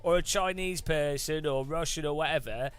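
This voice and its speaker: A man's voice: fairly high pitch, moderate pace, a bit bright, clear, resonant tone, faint music behind. A British man hosting a gaming channel, chatting casually to his viewers, joking and laughing as he rambles. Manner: jokey and laughing, mocks foreign languages. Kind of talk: casual chat to a live chat.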